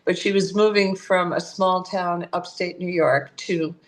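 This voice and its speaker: Older woman, astrologer guest on a podcast, lively storyteller who voices her characters. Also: lowish voice, measured pace. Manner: animated, acts out voices in her stories. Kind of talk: conversational storytelling.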